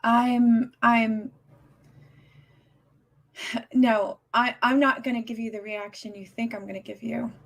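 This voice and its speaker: A woman ranting on her live stream, upset and agitated, talking in halting bursts with lots of restarts and swearing. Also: on the high side, flat delivery. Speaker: livestreamer. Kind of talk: casual live-stream rant.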